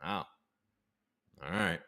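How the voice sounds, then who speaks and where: A man's voice: low-pitched, takes it slowly, bright, forceful tone. A man from the United States hosting a casual live stream from home, joking loosely and greeting chat viewers by name. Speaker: livestream host.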